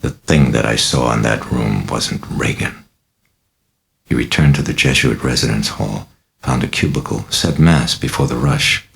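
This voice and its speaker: A man reads a dark novel aloud with measured, dramatic gravity. His voice sits extremely low, with a rough, gravelly texture running through the lines. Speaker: narrator, author reading own novel. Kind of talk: scripted audiobook narration.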